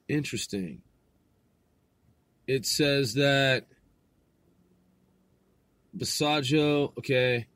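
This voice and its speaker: A man hosting a casual video, reading web pages aloud and commenting as he goes, with many fillers and pauses. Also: mid-range voice, dry recording. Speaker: conspiracy video host.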